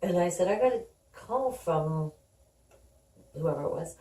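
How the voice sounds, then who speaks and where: A woman's voice: fairly low pitch, lively intonation, a little slow, mellow. A middle-aged woman telling her family's story in an interview, conversational and acting out the dialogue. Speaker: guest. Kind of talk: candid personal storytelling. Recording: roomy sound, distant from the mic.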